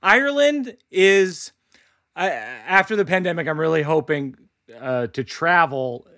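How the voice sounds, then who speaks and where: A man hosting a podcast, reading an ad and telling jokes in a deadpan storytelling way. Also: fairly high pitch, a little slow, no room sound. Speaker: podcast host. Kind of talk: comedic storytelling and ad read.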